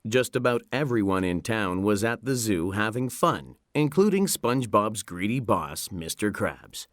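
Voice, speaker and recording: A man narrates a children's storybook at an unhurried, deliberate pace. His pitch moves freely as he acts out the reading. The sound is dry and close. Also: no echo. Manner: slow, expressive reading. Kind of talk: scripted narration.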